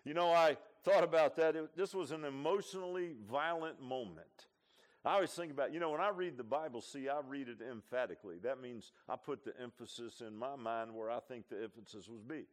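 A man preaching a sermon in a folksy, conversational way, his voice climbing to shouts and then dropping to a hush. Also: mid-range voice, a little fast. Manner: folksy, swings from hollering to hushed. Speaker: pastor. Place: church.

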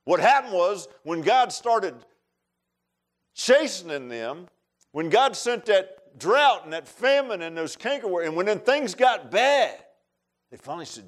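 A man's voice: sits high, sing-song, moderate pace. Folksy man preaching. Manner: folksy, emphatic preaching with asides. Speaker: pastor. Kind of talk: sermon.

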